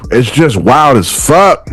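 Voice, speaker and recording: Animated profane American man ranting. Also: mid-range voice, breathy edge, no echo. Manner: animated, profane, laughs often. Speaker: podcast host. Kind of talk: casual solo podcast rant.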